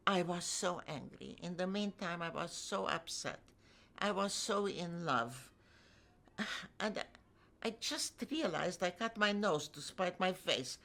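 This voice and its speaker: A woman's voice: on the low side, expressive, unhurried, creaky, fairly bright tone. An older woman telling her own life story in a vivid, emotional way with flashes of wry humor. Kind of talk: personal storytelling.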